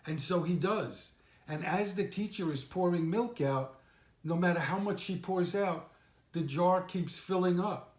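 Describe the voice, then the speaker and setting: A man giving a sermon as senior minister, telling stories gently and unhurriedly with reflective pauses. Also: high-pitched. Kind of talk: sermon with storytelling. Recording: echoey room.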